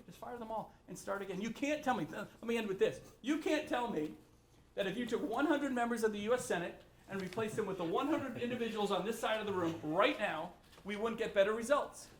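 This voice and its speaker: A man holds forth as a governor, blunt and ranting, voice pitched high for a man. He speaks fast, and the large room around him rings with echo. A soft ambient hiss sits behind him. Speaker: state governor speaking at a forum. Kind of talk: impassioned public remarks. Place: large echoey room with an audience. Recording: roomy echo.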